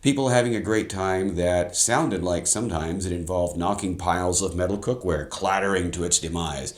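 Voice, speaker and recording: A male channel host delivers a voice-over in a deep voice with a noticeable room echo. His narration is wry and self-deprecating, with casual swearing. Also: moderate pace.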